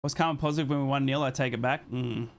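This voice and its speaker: Calling a football match play by play on a live watchalong stream, a young man also reads out messages from chat. He speaks quickly in a medium-pitched voice, getting excited and cursing without restraint.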